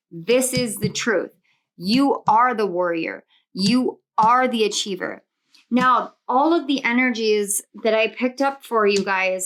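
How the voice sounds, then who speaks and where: A woman with a fairly bright voice on the high side gives a spiritual pick-a-card tarot reading. She is earnest and reassuring, stacking affirmations in rhythmic lists and drifting into personal tangents.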